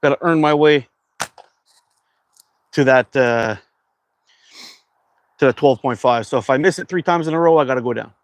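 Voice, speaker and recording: A man's voice: mid-range voice, moderate pace, long pauses, no echo. A man from Canada hosting a casual livestream, chatting and reading viewer comments aloud in a loose, rambling way. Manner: laid-back, rambling with fillers. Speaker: livestream host.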